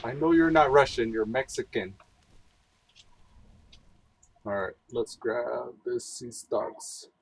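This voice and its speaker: A man's voice: medium pitch, a little slow, creaky, slight background noise, poor audio. A man streaming a video game, rambling casually and thinking aloud as he plays. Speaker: gaming streamer. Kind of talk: casual gameplay commentary.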